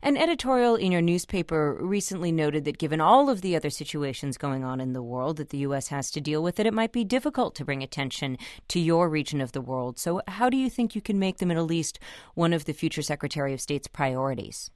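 A woman hosting a news radio interview, crisp and formal, reading scripted introductions and asking questions. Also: sits low, lively intonation, a little fast, a little mellow, dry recording, studio quality.

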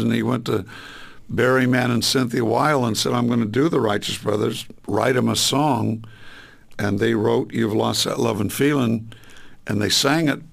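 An older man with a gravelly, fry-edged voice tells old stories in a loose, rambling way, stopping often on fillers and restarts. He sounds relaxed, like a guest in a long interview. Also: medium pitch. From Southern California. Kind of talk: relaxed reminiscing.

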